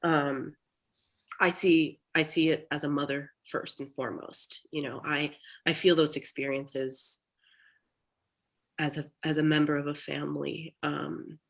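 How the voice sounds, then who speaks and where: A woman speaking candidly as a therapy client, talking in a halting, reflective way with many restarts, over a video call. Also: sits low, steady tone, vocal fry, low-quality recording. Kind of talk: candid personal talk.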